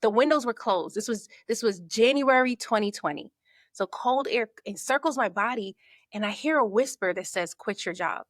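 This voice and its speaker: A woman, a podcast guest and marketing coach, telling her story in a lively way and acting out her own thoughts. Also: on the high side, normal speed, dry recording, studio quality. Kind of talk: conversational storytelling.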